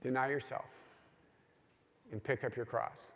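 A man's voice: mid-range voice, fairly even intonation, a little slow. A middle-aged man preaching to a gathering of men, telling stories with earnest emphasis. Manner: earnest storytelling with rising, pleading emphasis. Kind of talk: sermon to a men's gathering. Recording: long hall reverb.

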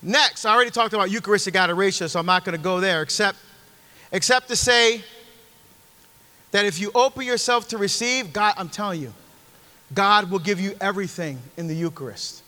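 A man's voice: sits high, fairly quick, pushed and bright. A middle-aged man preaching a conversational, emphatic Catholic sermon, speaking directly to his listeners in a church. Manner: emphatic, direct, talks straight to the audience. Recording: long hall reverb.

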